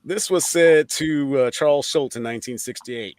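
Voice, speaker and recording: A man's voice: mid-range voice, moderate pace, hardly any pauses, dry recording. A man hosting a casual talk show, talking animatedly, swearing freely and laughing often. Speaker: podcast host. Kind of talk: casual profane commentary.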